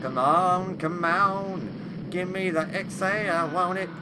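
A man hosting a let's play horror game video, talking to the game and yelling at its monsters. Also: high-pitched, takes it slowly, background noise. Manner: loud, excitable, yelling insults at game monsters. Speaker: gaming video host.

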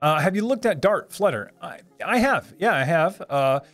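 A man's voice: high-pitched, animated, moderate pace, fairly bright tone. A man in his thirties hosting a casual live stream, reading viewer comments aloud, chatty, laughing often and repeating words as he restarts sentences.

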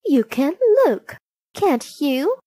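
A woman's voice: sits high, lively intonation, drawn-out words, warm tone, no room sound, voice pushed up, exaggerated voice. A woman voicing a vain, spiteful wicked queen in a storybook reading. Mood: coaxing. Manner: haughty and spiteful.

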